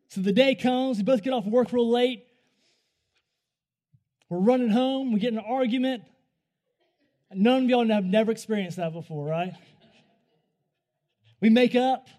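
Animated high-voiced man telling a sermon story. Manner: animated, swings between hushed and loud; talks to the audience directly. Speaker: preacher sharing a testimony.

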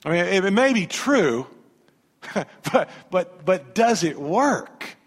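A male pastor preaching a sermon, animated, swinging from hushed lines to loud ones. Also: high voice, measured pace. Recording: long hall reverb.

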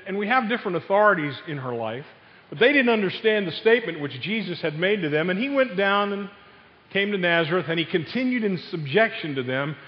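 Older male preacher, high voice, reverberant hall. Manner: storytelling with sudden loud outbursts. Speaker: pastor. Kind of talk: sermon. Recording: dull sound with long hall reverb.

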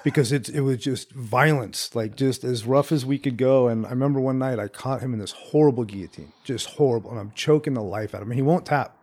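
Podcast guest, adult man, mid-pitched, casual rambling storyteller, very "dude" and "like.". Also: brisk, few pauses, a little mellow, breathy edge. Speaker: podcast guest, jiu-jitsu competitor. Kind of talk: casual chat.

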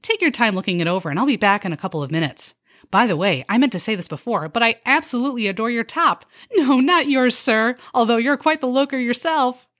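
A woman playing a chirpy, sarcastic young restaurant server who mixes bubbly upselling patter with deadpan jabs. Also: a little high, brisk, voice pushed up. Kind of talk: comedy skit.

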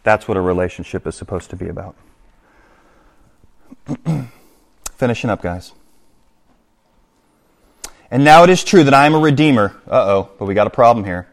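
A man's voice: fairly low pitch, lively intonation, normal speed, long pauses. A man preaching a sermon to his congregation, reading scripture aloud and explaining it with direct appeals to his listeners. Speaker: pastor.

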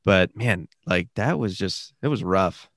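A young man talks through a story in an easy, rambling way, with lots of fillers and sudden bursts of energy. His voice sits a little low. The sound is dry and close. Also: a little slow, no room sound. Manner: animated, rambling with many fillers. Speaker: podcast guest, new father. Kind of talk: casual storytelling chat.

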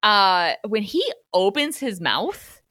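A woman hosting a casual film discussion, chatty and animated with lots of fillers. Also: medium pitch, slow, no echo, clean studio sound. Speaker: podcast host.

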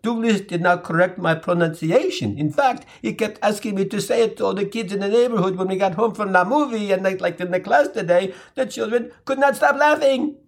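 A man's voice: high-pitched, creaky, pitched above the performer's own voice. A man doing a polite French schoolboy. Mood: apologetic. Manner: slow, careful, earnest.

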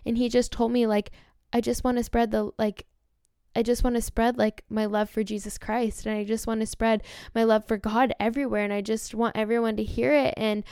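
Young woman podcaster with a gravelly voice. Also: on the high side, a little fast, dry recording, studio quality. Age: young adult. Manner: chatty, heavy use of "like", earnest and excited. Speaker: podcast host. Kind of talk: casual storytelling monologue.

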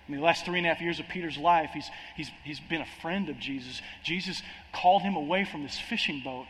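Impassioned preacher in a hall. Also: male voice, fairly high pitch, fairly bright tone, slight background noise. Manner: impassioned, repetitive restarts, acts out quotes. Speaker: pastor. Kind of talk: sermon. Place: large church hall. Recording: long hall reverb, faint ambience.

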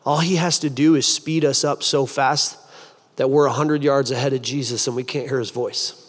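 A man preaching a sermon as a pastor, telling stories in an animated way and acting out the voices of the people in them. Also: medium pitch, moderate pace. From United States. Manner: animated storytelling, acts out voices. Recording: long hall reverb.

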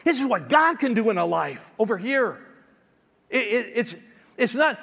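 A man's voice: very high voice, big pitch swings, moderate pace, gravelly, fairly bright tone, long reverb tail. A man preaching a sermon as pastor, emphatic and conversational, often restarting his words.

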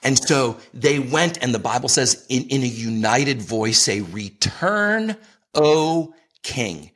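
Husky, earnest man preaching in conversation. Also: medium pitch, moderate pace, fairly bright tone. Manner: earnest, emphatic, leans on scripture. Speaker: ministry leader, interview guest.

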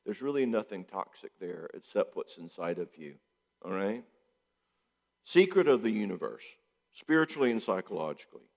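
Animated middle-aged man with a lowish voice. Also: moderate pace, vocal fry, in a large hall. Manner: animated, acts out quotes in voices, rhetorical questions, repeats for emphasis. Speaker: psychologist. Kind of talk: casual talk on relationships.

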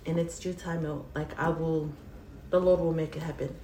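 A woman guest giving an earnest, halting faith testimony in an interview. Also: sits low, fairly even intonation, mellow. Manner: earnest, halting, tearful at times. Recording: roomy, distant, faint hiss.

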